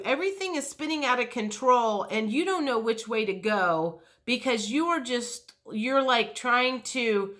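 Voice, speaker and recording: A woman's voice: a little high, pushed and bright. A middle-aged woman giving a casual, rambling tarot reading, frank and swearing, with many restarts and fillers. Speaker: tarot reader.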